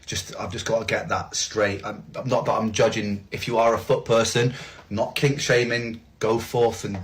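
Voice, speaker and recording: A man's voice: on the low side, little pitch movement, normal speed. A man talking casually to viewers in a wry, self-mocking way, swearing freely. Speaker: streamer in a played clip.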